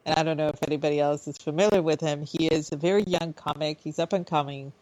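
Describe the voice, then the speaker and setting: Low-voiced woman co-hosting a chat show. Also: steady tone, a little mellow, no echo, poor audio. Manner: chatty, halting restarts, laughs easily. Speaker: radio show co-host. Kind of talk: casual chat.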